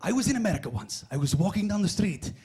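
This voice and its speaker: A man voicing an excitable Croatian man who tells a story in a heavy put-on accent and broken English. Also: high-pitched, quick pace. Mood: confiding.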